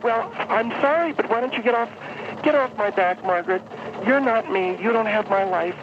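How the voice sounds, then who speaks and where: A man doing a snappy high-voiced festival organizer. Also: normal speed, close to an everyday voice. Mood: exasperated. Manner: exasperated, snapping, bossy. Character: irritable middle-aged man running a festival. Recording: muffled phone line, noisy background.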